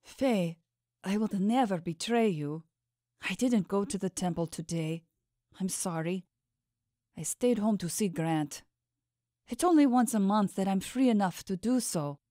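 Audiobook role: a timid young servant woman, pleading and anxious, high-pitched, voiced by a woman narrator. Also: lively intonation, unhurried, dark tone, no room sound, studio quality, close to an everyday voice. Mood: fearful pleading. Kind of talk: audiobook character voice.

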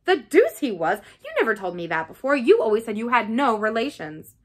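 A woman voicing a brusque, impatient gentleman master of the house who fires off curt questions, in an audiobook reading. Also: on the high side, big pitch swings, brisk.

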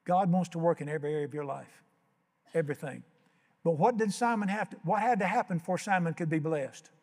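Older preacher in a hall. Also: male voice, a little high, fast, darkish tone. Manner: folksy storytelling, acts out voices. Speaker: pastor. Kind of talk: sermon.

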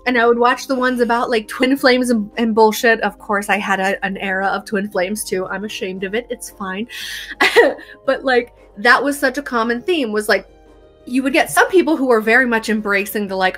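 A woman's voice: a little high, normal speed, fairly bright tone, soft background music. A young woman co-hosting a casual podcast, telling a candid, self-mocking story with some swearing. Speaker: podcast co-host.

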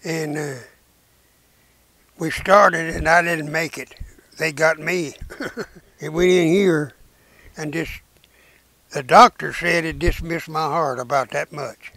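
A very old man with a gravelly voice, pitched a little high, tells his war memories very slowly. He stops often with "uh" and starts his sentences over. He was recorded close to the mic in a dry room. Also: steady tone, bright, forceful tone, no room sound. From Arkansas, United States. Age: 90s. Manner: slow, halting storytelling with many "uh"s and restarts; folksy rural speech. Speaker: war veteran and preacher. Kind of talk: recounting memories in an interview.

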